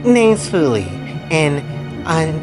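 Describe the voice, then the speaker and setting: A smug, playful young woman who taunts her foes in a lively, swooping voice, voiced by a man retelling the story. Faint music plays underneath. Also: low-pitched, slow, voice pushed up, full character voice. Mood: teasing.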